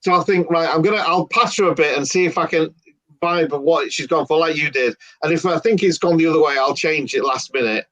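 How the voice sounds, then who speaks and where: A man's voice: on the high side, fairly quick, no echo, low-quality recording. A man, a magician, telling a story casually and acting out the dialogue. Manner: animated, acts out dialogue. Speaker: guest magician.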